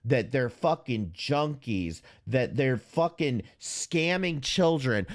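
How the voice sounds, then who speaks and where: A streamer hosting a livestream commentary rants in fury, swearing heavily and bluntly, stammering and restarting when he gets worked up. His medium-pitched voice has lively intonation, and he takes it slowly with few pauses.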